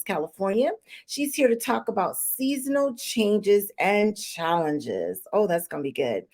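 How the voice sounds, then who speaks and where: Hosting a live-streamed talk show, a woman with a medium-pitched, somewhat dark voice chats emotionally, using many fillers and restarts. She is tearful and holding back crying.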